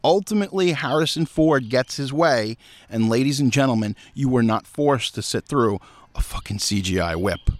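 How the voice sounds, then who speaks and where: A man hosting a podcast outdoors in casual chat, animated and riffing, with frequent swearing. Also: mid-range voice, normal speed, no room sound. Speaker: podcast host.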